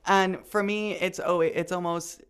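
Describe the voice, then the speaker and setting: A woman from the United States co-hosting a podcast in casual chat, playful and quick to laugh. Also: fairly low pitch, steady tone, clear, resonant tone. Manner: playful, giggly, jokey. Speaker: podcast co-host.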